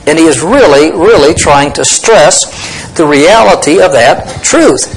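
A man teaches from the Bible with an emphatic, searching delivery and a lot of restarts. His pitch sits a little high and swings widely as he stresses key words. Faint noise hums under the recording. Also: very animated, moderate pace, poor audio. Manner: emphatic, explaining Greek words, thinking aloud with restarts.

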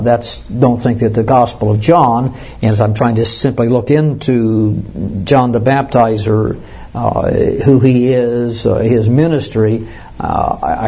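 A middle-aged man delivers an expository sermon, working through scripture in an earnest, explaining manner. He often breaks off and restarts his phrases as he thinks aloud. His voice is mellow and dark with a husky edge. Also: mid-range voice. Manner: earnest, explanatory, with frequent restarts and self-corrections. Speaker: pastor. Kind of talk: sermon, Bible teaching.

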